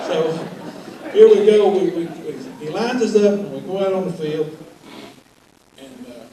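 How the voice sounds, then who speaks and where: A man's voice: a little high, unhurried, background noise. An older man telling folksy, wry roast stories about his old coach, laughing through the punchlines. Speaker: roast speaker, former player. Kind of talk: comedic roast storytelling. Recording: echoey hall, mic at a distance.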